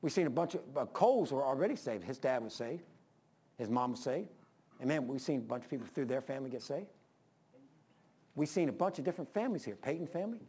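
An older man preaching a sermon to his congregation, impassioned, rising to urgent peaks and dropping low. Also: animated, quick pace, mellow, breathy edge. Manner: impassioned preaching, rises then drops low. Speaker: pastor.

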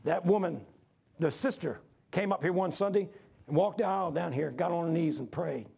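Middle-aged male pastor, higher pitch with gravel and husk, storytelling sermon that climbs to shouts. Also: moderate pace. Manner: storytelling preacher, repeats phrases, rises to shouts.

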